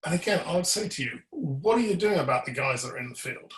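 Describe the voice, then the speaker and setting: A man's voice: a little high, animated, fast, a bit bright. A man presenting a webinar on electrical compliance, earnest and emphatic, putting pointed questions to his audience and cueing slides to a colleague. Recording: roomy echo.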